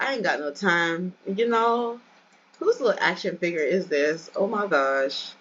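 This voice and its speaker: A woman's voice: medium pitch, husky, highs cut off. A woman hosting a let's play, giving chatty, casual commentary and addressing viewers directly.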